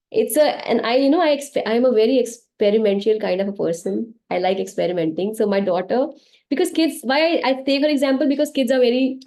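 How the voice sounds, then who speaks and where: Mellow-voiced Indian English woman healer. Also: on the high side. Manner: chatty, animated storytelling with laughs and restarts. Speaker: meditation session host and healer. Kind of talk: casual spiritual teaching on a live online session. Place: online live session.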